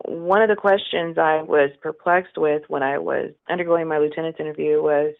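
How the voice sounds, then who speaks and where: A woman with a low, gravelly voice tells stories from her time as an officer, candid and animated. She comes through a thin, tinny phone-like line. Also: moderate pace, few pauses. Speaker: former law enforcement officer, guest. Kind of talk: storytelling in an interview.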